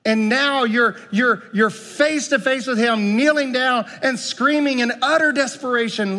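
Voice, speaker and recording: Pastor, man, high-pitched, animated preaching that swings from loud pleading to quiet asides, reverberant church. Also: measured pace, hardly any pauses. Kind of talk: sermon.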